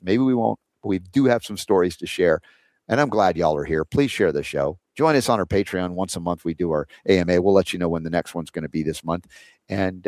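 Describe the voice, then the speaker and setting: A male talk show host with a low voice, chatting in a loose, rambling way full of fillers and restarts. His voice is recorded close and dry, with no room sound. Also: darkish tone, dry recording. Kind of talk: casual talk show chat.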